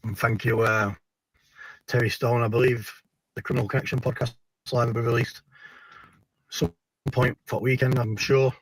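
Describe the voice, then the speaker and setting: A man's voice: mid-range voice, little pitch movement, moderate pace, pauses often, no room sound, low-quality recording. A man speaking in a clip, boastful and rambling, thanking viewers and swearing when heated.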